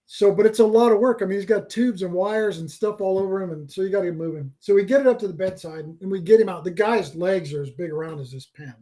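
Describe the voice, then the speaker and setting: Middle-aged guy telling a story on a podcast, animated, repeats himself, high-ish voice. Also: quick pace, hardly any pauses. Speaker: podcast guest. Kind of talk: casual storytelling.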